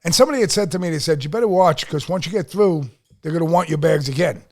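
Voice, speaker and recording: Male co-host, loud and profane storyteller, high-pitched. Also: fast. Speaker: podcast co-host. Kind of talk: casual chat, storytelling.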